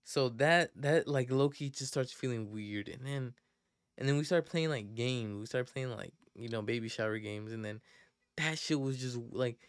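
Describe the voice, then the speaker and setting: A man's voice: mid-range voice, normal speed, smooth, no echo, clean studio sound. A young man hosting a podcast, telling a story casually in slang with lots of fillers and restarts. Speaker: podcast host.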